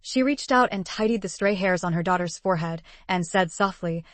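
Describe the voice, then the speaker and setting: A woman reading a story aloud as narrator, in an even, steady scripted style. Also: on the low side, fairly quick, no room sound.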